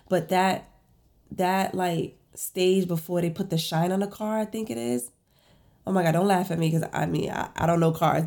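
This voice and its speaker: A woman hosting her own show, telling a personal story in a casual, chatty way with lots of fillers. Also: lowish voice. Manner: chatty, many fillers, animated retelling; self-described emotional and empathetic. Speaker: podcast host.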